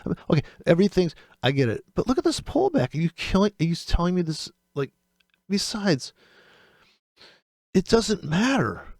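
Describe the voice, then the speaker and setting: A man's voice: sits high, sing-song, a little mellow, no echo, studio quality. A man hosting a trading channel, ranting with exasperation and swearing freely as he picks apart other traders' videos. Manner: exasperated, profane, rapid-fire rant.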